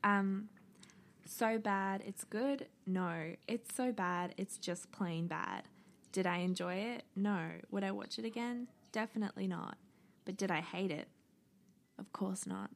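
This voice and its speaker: A young woman, chatting loosely as a podcast co-host. Her voice carries a gravelly fry, and she talks bluntly, swears freely and gets excited easily. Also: mid-range voice, a little slow. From New Zealand. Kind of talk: casual chat.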